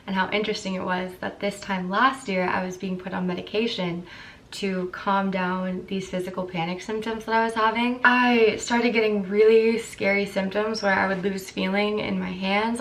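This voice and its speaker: Croaky young woman chatting to camera. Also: mid-range voice, fairly bright tone, recorded from a distance, a little hiss or hum. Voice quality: croaky morning voice. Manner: rambling and candid. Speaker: vlogger. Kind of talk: casual chat to camera.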